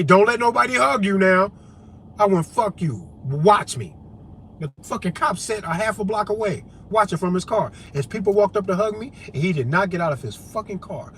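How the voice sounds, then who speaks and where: Man with a high-pitched voice, swearing, emphatic, repetitive, preaching to camera over faint background noise. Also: a bit bright. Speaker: vlogger and activist. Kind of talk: impassioned monologue to camera.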